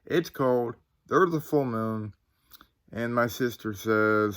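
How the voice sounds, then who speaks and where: A man's voice: medium pitch, takes it slowly, a bit bright, smooth. A man in his forties from Ohio, telling a ghost story to his viewers in a casual, rambling way. He uses lots of fillers and asides and speaks into a phone. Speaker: channel host.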